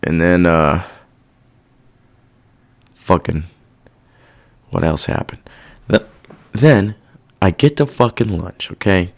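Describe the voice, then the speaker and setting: Man ranting with lively, swooping pitch. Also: takes it slowly, pauses often. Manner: profane, irritated ranting; rambling, loses his train of thought. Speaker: podcast host. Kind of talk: casual monologue.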